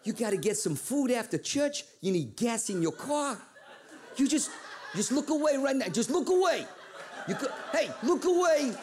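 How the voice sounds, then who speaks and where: A man's voice: very high-pitched, big pitch swings, moderate pace, a little hiss or hum, voice pushed up. A man voicing a cocky fifty-dollar bill that talks in a wheedling, half-laughing way. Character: smug bossy male fifty-dollar bill.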